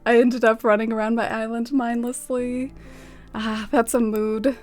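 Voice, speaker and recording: A woman's voice: on the high side, little pitch movement, unhurried, faint music behind. A young woman streaming a game, chatting bubbly and giggly with her viewers, full of "like". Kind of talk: casual live-stream chat.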